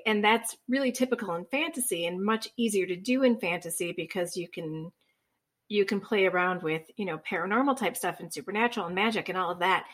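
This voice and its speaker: A woman co-hosting a podcast, speaking in a thoughtful, measured way. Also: medium pitch, fairly bright tone. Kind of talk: casual podcast chat.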